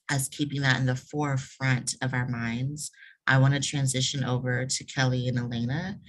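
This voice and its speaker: A woman moderator on a video call. She talks casually with fillers and offers warm, affirming words to the panelists. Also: rumbling low, low-quality recording.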